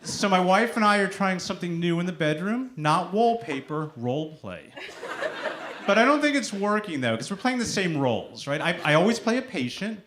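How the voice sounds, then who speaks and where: A man's voice: sits high, big pitch swings, normal speed, a bit bright. A man in his thirties doing a stand-up set, with a sing-songy delivery that makes everything sound like a question. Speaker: stand-up comedian. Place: comedy club stage before a live audience. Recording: noisy live club recording.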